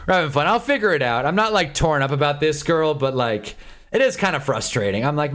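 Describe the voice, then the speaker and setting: A young man in his twenties chats loosely on a live stream, rambling from one joke to the next and laughing often. His voice sits a bit high for a man and swings up and down a lot, with faint music playing behind him. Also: lively intonation, fairly quick, a bit bright. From Southern California. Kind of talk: casual live-stream chat.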